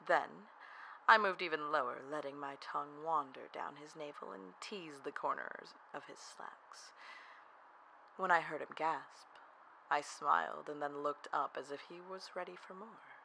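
A slow, unhurried storyteller narrating an intimate first-person tale, often sinking into a breathy half-whisper. The voice carries a gravelly fry underneath a bright, forward tone, with a faint hiss of noise in the background. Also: medium pitch, rough recording.

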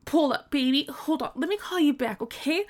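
A woman's voice: sits high, animated, moderate pace. A woman acting out a teasing, bossy young woman in a scripted audio role-play, giggling and scolding in mock disgust.

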